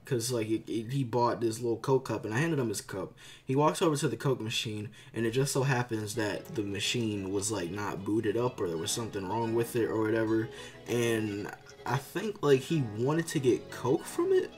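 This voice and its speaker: A man's voice: fairly low pitch, moderate pace. Young man rambling through a story. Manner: rambling, filler-heavy, animated storytelling. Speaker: vlogger. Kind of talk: casual storytime. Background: background music.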